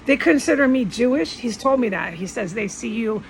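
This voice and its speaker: A woman's voice: on the high side, expressive, normal speed, a little hiss or hum, rough recording. A woman talking at home in a rambling, defensive monologue, insisting on her points again and again. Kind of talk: casual monologue vlog.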